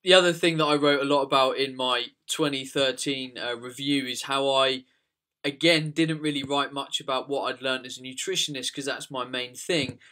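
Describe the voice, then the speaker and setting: A man's voice: medium pitch, steady tone, moderate pace, pushed and bright. A man with an English accent hosting a podcast, speaking frankly and reflectively in casual chat. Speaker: podcast host, nutritionist.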